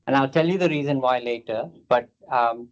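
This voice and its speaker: A man's voice: medium pitch, normal speed, muffled recording. A man teaching a workshop as a palliative care doctor, explaining step by step and asking the room questions.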